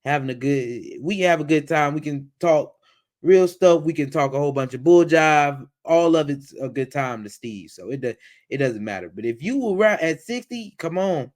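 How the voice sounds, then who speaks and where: A man's voice: fairly high pitch, expressive, normal speed, a little mellow. A man hosting a livestream who reacts to a video in casual, exasperated commentary. He talks in a way, repeats phrases and mocks the voices he quotes.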